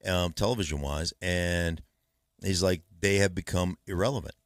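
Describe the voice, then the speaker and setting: Deep-voiced man telling stories, dry studio. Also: moderate pace, no echo. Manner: storytelling, animated. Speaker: guest, former player and radio host. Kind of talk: casual chat. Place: radio studio. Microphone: studio mic.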